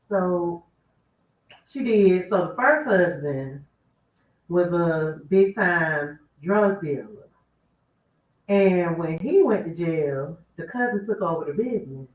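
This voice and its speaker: A woman's voice: on the low side, expressive, slow. Sassy woman dishing radio gossip. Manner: sassy, talks back to absent people. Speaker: radio talk show host. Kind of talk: casual celebrity gossip commentary. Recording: roomy, distant mic.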